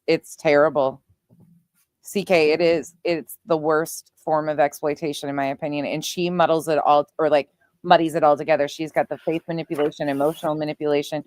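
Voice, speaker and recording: A woman's voice: low-pitched, no echo, clean studio sound. A woman host doing heated commentary on clips, talking straight to her viewers and swearing as she reacts.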